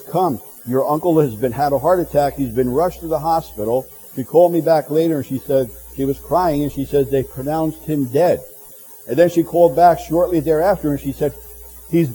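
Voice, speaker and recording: Male pastor, very dark mellow tone, earnest halting sermon storytelling in church. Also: a little high, breathy edge, poor audio. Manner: earnest, halting restarts, grows quiet and tender toward the end.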